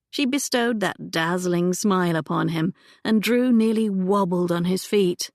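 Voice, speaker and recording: A woman narrating an audiobook in a measured, even manner on a close microphone. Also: lowish voice, no echo.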